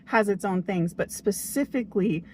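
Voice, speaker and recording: Outdoors near a tree, a young female vlogger delivers a chatty motivational talk to camera at a moderate pace. Her voice is medium-pitched and mellow over slight background noise, and her earnest, upbeat manner is peppered with "okay?" and "oh my gosh."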